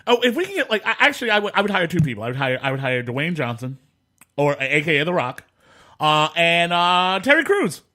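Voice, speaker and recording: A man co-hosting a casual comedic podcast chat, animated and exasperated, breaking into shouts and laughter. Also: a little high, a little fast. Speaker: podcast co-host.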